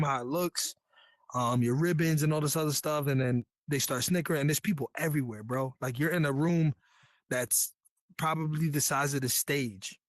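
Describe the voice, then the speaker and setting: A man from New York tells his Navy story in a casual, candid way, full of slang and earnest asides. His voice sits fairly high, and the sound is close and dry. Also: no room sound. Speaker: Navy veteran guest.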